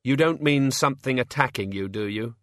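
A man voicing a sharp, no-nonsense young woman who talks bluntly and wearily. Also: mid-range voice, dry recording, studio quality, lightly acted. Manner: brisk, weary and blunt.

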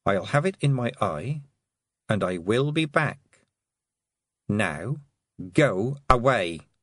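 A man voicing a calm, firm young girl witch who speaks in a measured way. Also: medium pitch, no room sound, studio quality, heavily acted.

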